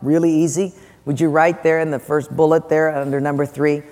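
A man's voice: fairly high pitch, little pitch movement, brisk, darkish tone. A man preaching a sermon as pastor, conversational and joking, putting questions to the congregation. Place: large church sanctuary. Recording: long church hall reverb.

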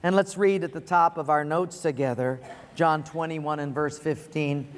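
A man with a high voice preaches to his congregation, drawing listeners in with an earnest story. His sermon fills a large auditorium, and each phrase trails off into a long hall reverb. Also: fairly even intonation, moderate pace. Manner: earnest, storytelling, chuckles at his own punchline. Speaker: pastor.

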